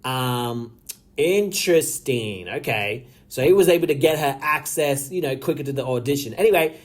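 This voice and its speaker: A man's voice: mid-range voice, expressive, normal speed. A man giving casual commentary, reading text messages aloud with wry, bemused asides. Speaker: commentary channel host.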